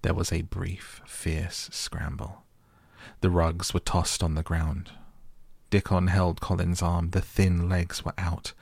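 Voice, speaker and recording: Deep gravelly guy reading a sleepy bedtime story, soft and flat, husky. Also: no echo. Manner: calm, gentle, measured. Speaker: audiobook narrator.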